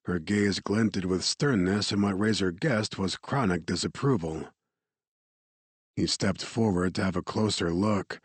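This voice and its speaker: A man reading an audiobook in steady, measured narration. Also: on the low side, husky, dry recording.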